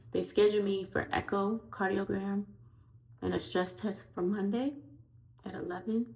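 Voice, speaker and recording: A woman talking to her viewers in a casual video diary, winded and out of breath, with weary, halting speech that often drops toward a whisper. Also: medium pitch, steady tone, gravelly, darkish tone. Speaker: vlogger.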